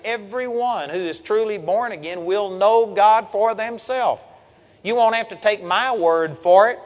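Older man preaching, long hall reverb. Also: sits high. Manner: earnest, emphatic Bible teaching with scripture reading. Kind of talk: sermon.

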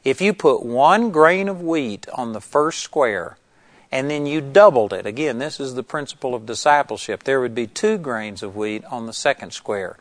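A man's voice: mid-range voice, lively intonation, normal speed, no echo. A man preaching a sermon on discipleship, earnest and emphatic, building to exclamations.

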